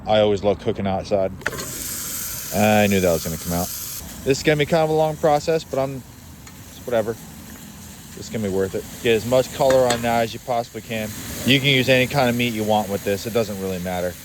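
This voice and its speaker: A man's voice: on the low side, brisk, noisy background. Laid-back man cooking outdoors. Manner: laid-back, offhand, wry. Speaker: cooking channel host. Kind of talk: casual cooking vlog talk. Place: outdoor kitchen.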